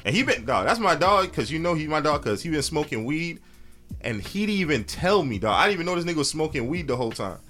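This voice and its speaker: A man hosting a casual chat, telling loose slang-filled stories and jumping up high when he quotes his own reactions. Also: big pitch swings, fast, fairly bright tone, soft background music.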